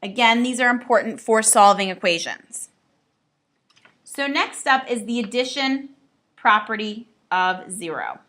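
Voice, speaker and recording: Female math teacher, upbeat and a bit playful, bright voice pitched slightly high. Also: animated, a little slow. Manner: upbeat, playful asides to students. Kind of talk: recorded classroom lesson.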